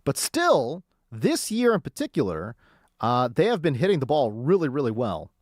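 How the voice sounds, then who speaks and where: Hyped sports radio host, lively pitch. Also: male voice, normal speed, no echo, studio quality. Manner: hyped, jokey, swings between shouting and musing.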